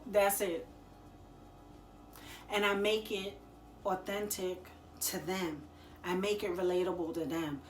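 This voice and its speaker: A woman talking casually to the camera, giving business advice in a chatty, slangy and expressive way, laughing often. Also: mid-range voice, slow pace, long pauses, a little hiss or hum. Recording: echoey room.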